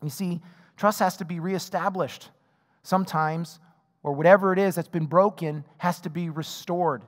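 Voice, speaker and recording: Man, pastor, sermon, high voice, conversational, acts out dialogue, long hall reverb. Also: fairly even intonation, moderate pace. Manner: acts out both sides of dialogues in his illustrations; conversational, with frequent repeated words and restarts.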